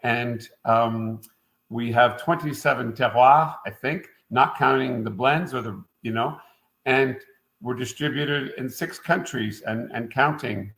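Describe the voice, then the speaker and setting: A middle-aged man from Quebec, a winemaker guest in a relaxed interview. He rambles from one anecdote to the next at an ordinary pitch and keeps the tone loose and conversational. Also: measured pace, low-quality recording. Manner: rambling and anecdotal, frequent "uh" fillers. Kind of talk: casual interview storytelling.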